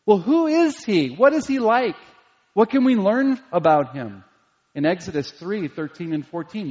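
A man's voice: high voice, darkish tone. A man preaching a sermon as pastor, emphatic and dwelling on single words. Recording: dull lo-fi recording in a reverberant hall.

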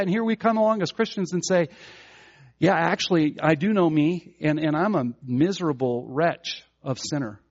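Earnest preacher, lo-fi sermon recording. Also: male voice, on the high side, lively intonation, moderate pace, slightly rough. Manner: earnest, many restarts, rising to loud fervor.

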